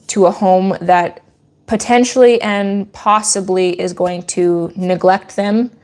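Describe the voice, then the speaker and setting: A woman's voice: fairly low pitch, darkish tone. A woman goat farmer speaking in an earnest, firm and opinionated way in a casual Q&A vlog.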